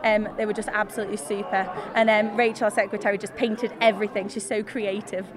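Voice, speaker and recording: A woman's voice: mid-range voice, flat delivery, quick pace, a crowd in the background. A woman who is a teacher, talking enthusiastically about a concert she performed in. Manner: bubbly, enthusiastic, laughs often. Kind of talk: casual chat.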